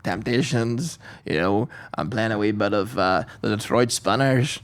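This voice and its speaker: A man's voice: fairly low pitch, a little slow. Swearing man telling a story. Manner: swearing, animated anecdote with impressions. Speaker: podcast host. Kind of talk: casual storytelling chat.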